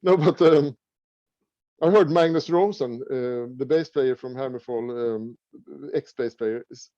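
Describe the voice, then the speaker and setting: A middle-aged man from Sweden with a Swedish accent, talking casually as an interview guest, halting with many fillers and restarts. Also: medium pitch, warm tone, no echo, dull audio. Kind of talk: casual conversation.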